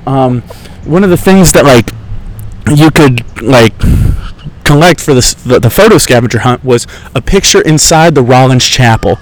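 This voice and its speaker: On a rough recording made outdoors in a park, a young man hosts a podcast, speaking at a moderate pace in an animated, medium-pitched voice. He tells rambling, casual stories with a profane, sarcastic, offhand flow that wanders as he goes.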